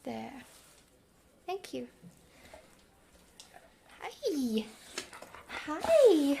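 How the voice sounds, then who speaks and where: A woman's voice: high voice, lively intonation, takes it slowly, long pauses, a bit bright, slight background noise. A young woman at home on a webcam call, hosting an online party for her dog, cooing at him and giving him commands. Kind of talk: casual chat on a video call.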